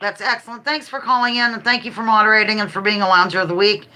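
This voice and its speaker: A woman's voice: mid-range voice, fairly even intonation, quick pace, pushed and bright. A middle-aged woman hosting a casual home livestream, chatty, playful and rambling. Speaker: livestream host. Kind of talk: casual live-stream chat.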